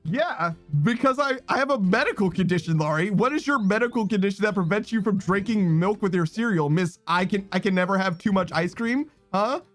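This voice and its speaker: A man's voice: high-pitched, fairly quick, hardly any pauses, faint music behind. A man streaming, chatting casually with his viewers, reading chat aloud and teasing them with slangy, swearing banter. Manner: laughs often, teasing, reads chat messages aloud.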